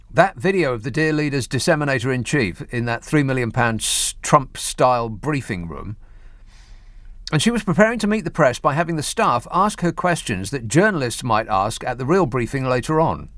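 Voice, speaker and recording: Sardonic radio host, dry studio. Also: male voice, medium pitch, fairly bright tone, no room sound. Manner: sardonic, mocking political commentary. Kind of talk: talk radio monologue and phone-in. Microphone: studio microphone.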